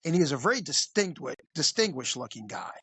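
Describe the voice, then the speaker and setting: A man, a police officer, telling a crude story in an animated, conversational way. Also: a little high, a little fast, slightly rough. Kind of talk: casual storytelling.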